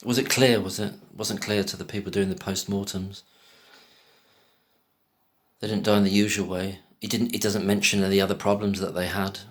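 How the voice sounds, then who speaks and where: Lowish-voiced guy ranting over a clip, scornful, lots of rhetorical questions. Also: level tone, normal speed. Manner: scornful, talks over clips with pointed questions. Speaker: commentator reacting to a podcast clip. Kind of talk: casual spoken commentary.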